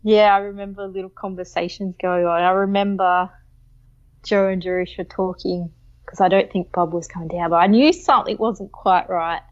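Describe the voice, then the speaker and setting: A woman's voice: mid-range voice, fairly even intonation, normal speed. A woman, chatting as an interview guest and acting out the people in her story. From Australia. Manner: chatty, acts out quoted voices. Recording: slightly dull lo-fi audio.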